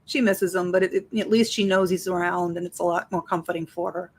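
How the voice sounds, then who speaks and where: A woman, a psychic medium, talking as an interview guest and telling stories with lively acted-out dialogue. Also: fairly low pitch, brisk. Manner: animated, acts out dialogue in her stories. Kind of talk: conversational interview storytelling.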